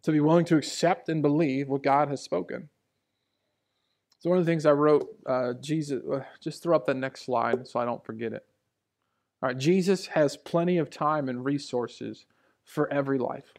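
A man in his thirties preaching a sermon in a church, telling personal stories in a conversational way, dropping to hushed asides and rising for emphasis. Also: a little high, steady tone, moderate pace, creaky. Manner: conversational, storytelling, swings between hushed asides and raised emphasis. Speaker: pastor. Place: church sanctuary. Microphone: handheld or stage mic.

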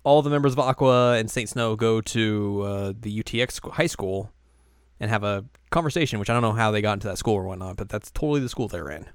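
A man's voice: lowish voice, quick pace, smooth, no echo, studio quality. A man co-hosting a podcast, recapping an anime in a rambling, casual way with many fillers. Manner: rambling, filler-heavy, often acts out lines. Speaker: podcast co-host.

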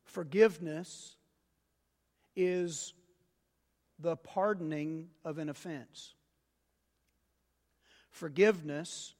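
High-voiced preaching man in echoing sanctuary. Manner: emphatic preaching that swells to loud peaks, with asides to the congregation. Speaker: pastor. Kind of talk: sermon.

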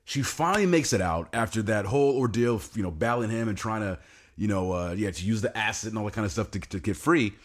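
A man co-hosting a podcast, chatting casually and getting animated and excited, with some swearing. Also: lowish voice, quick pace. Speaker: podcast co-host. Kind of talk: casual chat.

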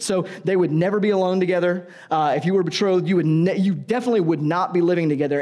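A man's voice: a little high, darkish tone. A man preaching a sermon in a conversational, joking way, often asking the audience questions.

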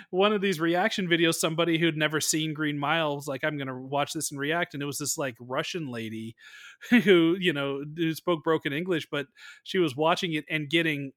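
A man talks films with a rambling, animated energy, cursing freely as he goes off on tangents. His voice sits a bit high, and the sound is close and dry with no room around it. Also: fairly quick, no echo. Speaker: podcast co-host. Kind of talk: casual film discussion.

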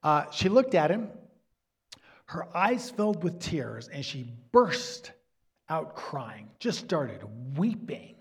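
A man preaching a sermon to a congregation in an earnest way, at times dropping to a soft near-whisper for emphasis. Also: fairly high pitch, sing-song, slow, breathy edge. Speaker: pastor.

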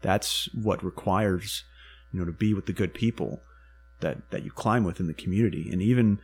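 A man telling a story in casual chat, animated and swearing freely, acting out what people said. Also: low voice, normal speed, breathy edge, soft background music.

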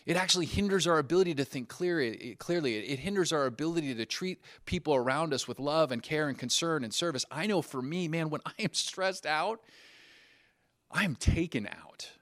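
A man's voice: a little high, a little fast, few pauses, dry recording. Dry, close-miked male pastor preaching. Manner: animated storyteller who acts out dialogue. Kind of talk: sermon.

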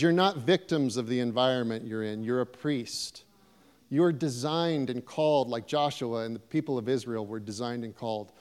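Middle-aged male pastor, emphatic and repetitive, mid-pitched, long hall reverb. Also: darkish tone. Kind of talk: sermon.

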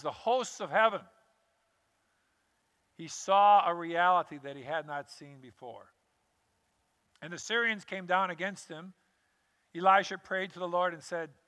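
A male pastor preaching a sermon, telling a scripture story with lively acted-out quotes. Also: sits high, clear, resonant tone, in a large hall.

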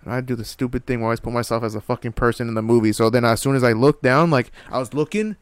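A young man in casual chat, telling an animated story full of slang and swearing. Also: mid-range voice, racing, clean tone, no room sound.

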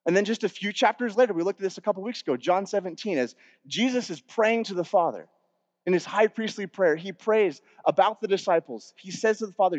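A man's voice: high-pitched, expressive, fairly quick. A male pastor preaching an earnest, emphatic sermon and quoting scripture, recorded in a church sanctuary. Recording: dull sound with long hall reverb.

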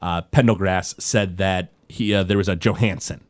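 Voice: sits low, steady tone, normal speed. A game master narrating a tabletop game in a loose, rambling way, full of fillers and restarts.

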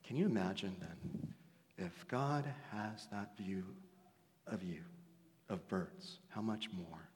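A man preaching a sermon in a conversational way, with laughing asides, swinging from loud storytelling to hushed, intimate lines. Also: sits low, takes it slowly. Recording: long hall reverb.

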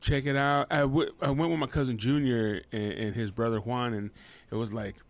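A man's voice: medium pitch, fairly even intonation, moderate pace. A man, co-hosting a podcast and telling laid-back, slangy stories in casual chat. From Southern California. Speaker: podcast co-host.

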